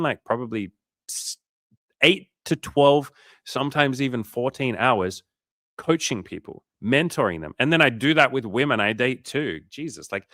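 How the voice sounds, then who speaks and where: A man's voice: medium pitch, sharp tone, no room sound, studio quality. A man coaching on a livestream in a casual, profane and fired-up way, talking emphatically. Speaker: dating coach.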